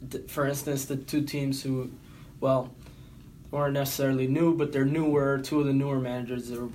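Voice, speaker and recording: A man's voice: mid-range voice, level tone, brisk, mellow, a little hiss or hum. Easygoing man co-hosting a podcast. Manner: easygoing, hesitant, with many fillers. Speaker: podcast co-host. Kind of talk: casual sports podcast chat.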